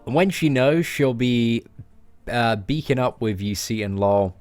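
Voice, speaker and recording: A man's voice: medium pitch, animated, a little slow, a little mellow, faint music behind. A young man chatting casually on a live game stream, joking and answering his viewers. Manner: chatty, joking, reads out chat messages.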